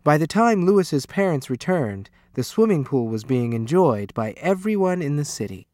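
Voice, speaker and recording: A man reading a children's picture book aloud as storyteller, unhurried and expressive. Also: fairly high pitch, no room sound, clean studio sound.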